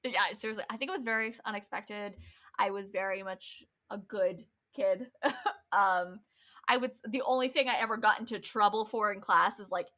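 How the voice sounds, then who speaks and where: Bright-voiced young woman telling a story. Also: medium pitch, moderate pace. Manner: animated, laughs often, quotes people. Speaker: podcast co-host. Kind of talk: casual storytelling chat.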